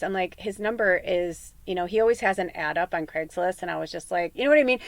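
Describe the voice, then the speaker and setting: A woman giving a tarot reading in a casual spiritual podcast, telling a rambling story full of fillers and acting out quoted dialogue with sudden leaps in pitch. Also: no room sound. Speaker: tarot reader.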